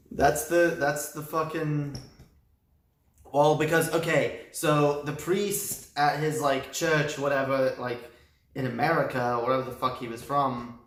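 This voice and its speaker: Brief: male streamer, crude rambling chat, middle pitch, echoey room sound. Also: steady tone, measured pace, a bit bright, slight background noise. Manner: crude, rambling, filler-heavy. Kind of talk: casual livestream rant.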